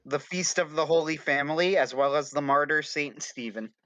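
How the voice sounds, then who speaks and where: Bright-voiced man hosting a stream. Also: fairly high pitch, moderate pace, no echo, highs cut off. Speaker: livestream host. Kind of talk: casual chat.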